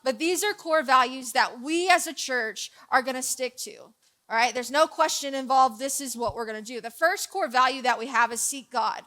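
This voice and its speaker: A woman's voice: high-pitched, moderate pace, pushed and bright. A young adult woman preaching a casual, joking sermon to her church, telling stories and talking to the crowd. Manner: chatty, jokey storyteller.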